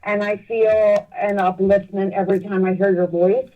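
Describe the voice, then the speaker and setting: A woman's voice: medium pitch, level tone, moderate pace. A woman calling in to a radio show, gushing and grateful, a little hesitant. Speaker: caller. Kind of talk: caller on talk radio. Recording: phone line, distant.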